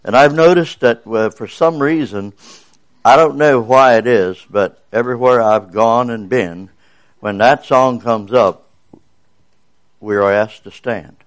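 An older man with a bass voice preaching a sermon in a folksy, rambling way with many fillers. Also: a little slow. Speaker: visiting preacher.

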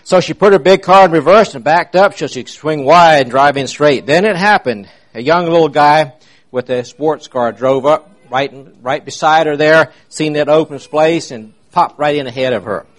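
A man's voice: fairly high pitch, normal speed. A man preaching an informal, rambling sermon in a folksy way, with many fillers and restarts.

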